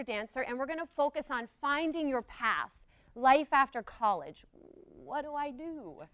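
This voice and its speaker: Upbeat woman host, high voice, emcee energy, live hall with audience. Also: fairly bright tone, clear, resonant tone. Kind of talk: live event hosting.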